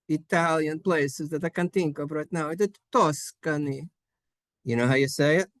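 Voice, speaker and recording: A man's voice: fairly high pitch, moderate pace, dry recording. A man teaching a playful Hebrew lesson to children in a synagogue classroom, jokey and sing-song.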